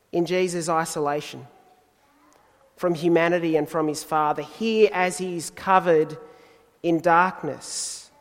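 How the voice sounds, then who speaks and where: Male preacher, sermon, high-pitched, deliberate emphatic pauses. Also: big-room sound.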